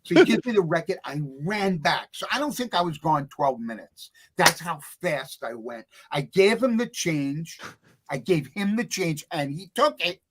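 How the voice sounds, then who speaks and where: A middle-aged man, a guest author telling stories in casual chat, animated and acting out the voices of others. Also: fairly high pitch, moderate pace, a little hiss or hum. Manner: animated storyteller, acts out voices.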